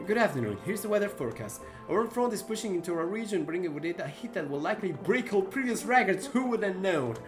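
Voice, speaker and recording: A man's voice: sing-song, fast, few pauses, over music. A man reading out a TV weather forecaster's lines while playing a game, in a raised newsreader voice. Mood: formal. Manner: bright newsreader delivery, pitched up. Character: male TV weather forecaster, calm and formal. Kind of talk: reading game dialogue aloud.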